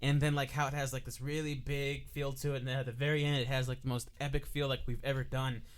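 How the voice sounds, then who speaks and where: A man co-hosts a casual podcast chat. He rambles through his stories, filling gaps with "like" and restarting his sentences. His pitch sits in the middle range for a man. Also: flat delivery, fast. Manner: rambling, heavy use of "like". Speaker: podcast co-host.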